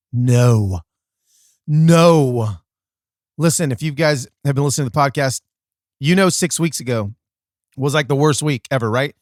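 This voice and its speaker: A man hosting a podcast, telling a casual story in an animated way with comic exaggeration and self-mocking asides. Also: mid-range voice, dry recording, studio quality. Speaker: podcast host.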